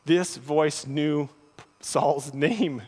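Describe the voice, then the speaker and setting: A man preaching a sermon, often repeating words as he starts a thought, with animated delivery. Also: fairly high pitch, very slow, slightly rough. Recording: long hall reverb.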